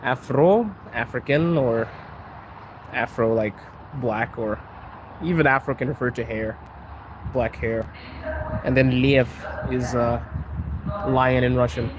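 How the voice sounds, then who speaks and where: Young Zimbabwean man, casual live-stream host, mid pitch, loud street noise behind. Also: steady tone, slow, long pauses. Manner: chatty, laughs often, talks to viewers in chat. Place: outdoors on a city street by trains.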